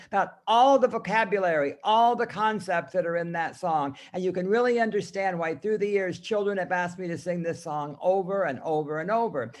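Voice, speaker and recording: A man teaching other teachers over a video call, telling a children's story song in a slow, sing-song way and leading the group to sing along. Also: sits high. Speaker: teacher trainer.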